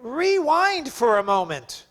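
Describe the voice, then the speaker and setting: A man's voice: very high-pitched, sing-song, slow, a bit bright. A male pastor preaching a sermon in a fervent, emphatic way.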